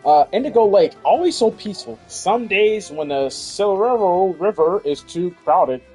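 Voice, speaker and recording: Southern guy reading out a calm lady dojo master, dark husky tone, soft music under. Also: medium pitch, moderate pace. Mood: steady. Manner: reads game dialogue aloud in a slightly raised voice.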